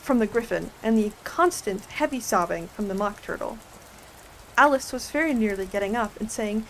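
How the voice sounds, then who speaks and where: A woman reading a storybook aloud in a soft, gentle ASMR style. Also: medium pitch, normal speed, slight background noise, rough recording.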